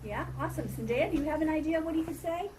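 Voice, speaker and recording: A woman's voice: sits high, lively intonation, rapid-fire, darkish tone. A woman teaching a first grade class, patiently asking questions and repeating students' answers back. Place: elementary classroom. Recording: distant mic in a noisy classroom.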